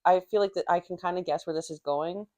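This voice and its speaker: A woman co-hosting a podcast, chiming in with quick, supportive remarks. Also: on the low side, warm tone. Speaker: podcast co-host. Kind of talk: casual chat.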